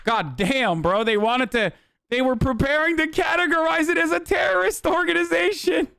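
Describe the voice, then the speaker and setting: A man's voice: very high-pitched, normal speed, gravelly, bright, forceful tone, dry recording. A male streamer giving blunt, profane, exasperated reaction commentary.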